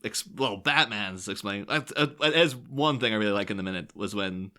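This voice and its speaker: A man's voice: fairly low pitch, a little fast, sharp tone. A man co-hosting a podcast in casual film-discussion chat, rambling and laughing often. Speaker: podcast co-host.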